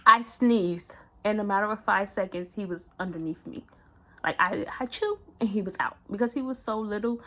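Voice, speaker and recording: A young woman vlogger telling a personal story candidly in casual slang, often sinking to a hushed, near-whispered voice. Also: medium pitch, rough recording.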